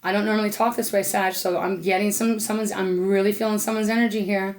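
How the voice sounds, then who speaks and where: A woman's voice: medium pitch, little pitch movement, fast talker, hardly any pauses. A woman giving an unscripted tarot reading, talking earnestly and emotionally to the viewer and aloud to Spirit, with the odd casual swear. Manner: talks aloud to Spirit between cards. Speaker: tarot reader.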